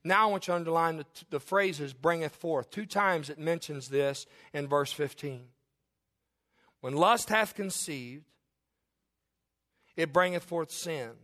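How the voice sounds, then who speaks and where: A male pastor preaching a sermon, reading scripture slowly and low, then climbing loud and high to drive points home. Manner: swings from low measured scripture reading to loud rising emphasis.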